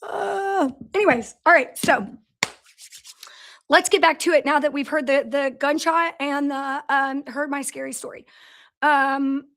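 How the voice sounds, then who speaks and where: High-voiced chatty woman livestream host. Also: a little slow, a bit bright. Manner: chatty storyteller, greets viewers by name. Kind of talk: casual livestream chat. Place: office in a large factory building.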